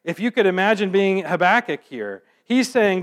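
A man giving a sermon, reading scripture aloud and then explaining it in a relaxed, conversational way. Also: sits high, moderate pace, hardly any pauses. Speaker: preacher.

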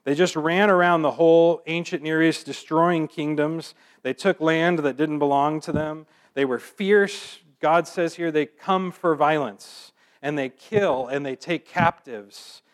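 A man giving a sermon, reading scripture aloud and then explaining it in a relaxed, conversational way. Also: fairly high pitch, a little slow, few pauses. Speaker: preacher.

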